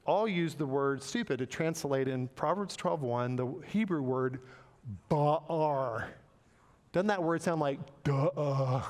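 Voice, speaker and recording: A man preaching a sermon, animated and playful, acting out quoted voices with joking asides. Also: fairly high pitch, big-room sound. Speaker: pastor. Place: church sanctuary.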